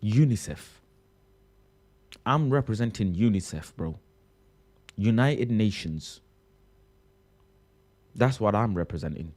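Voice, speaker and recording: A Mancunian man with a lowish, mellow voice chats on a livestream in casual banter. He plays mock-indignant, repeating his lines and leaping up in pitch for effect before dropping back low. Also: lively intonation, slow, long pauses. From Manchester, England. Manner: playful mock-indignant, repeating himself with big pitch jumps. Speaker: live streamer reading chat.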